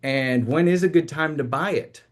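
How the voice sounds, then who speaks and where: A man hosting a small business talk, speaking in a measured way with frequent fillers. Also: on the high side. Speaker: host.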